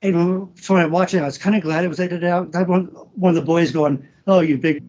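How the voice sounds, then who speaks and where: A man talking as a podcast guest about an old friend, halting with restarts, emotional and swearing freely. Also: high voice, steady tone, a little mellow, highs cut off. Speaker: guest, former wrestler. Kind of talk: casual podcast interview.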